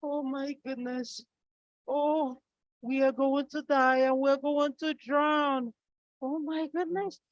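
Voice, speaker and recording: A woman's voice: high-pitched, measured pace, a bit bright, no echo, dull audio, pitched above the performer's own voice. A woman doing a panicking frightened wife. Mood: panicked.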